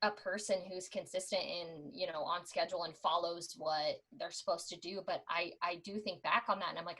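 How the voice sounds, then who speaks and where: A woman's voice: on the low side, steady tone, a little fast, few pauses, sharp tone, breathy edge, low-quality recording. A woman on a podcast, chatting casually about selling books door to door, with lots of "like" fillers. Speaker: podcast guest, former door-to-door book seller. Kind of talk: casual storytelling chat.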